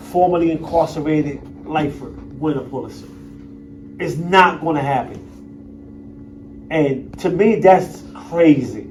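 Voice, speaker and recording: A man's voice: fairly high pitch, darkish tone. A middle-aged man giving a candid, blunt talk to an audience as a guest speaker, streetwise and emphatic, with coarse language. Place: university lecture room. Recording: voice picked up from a distance.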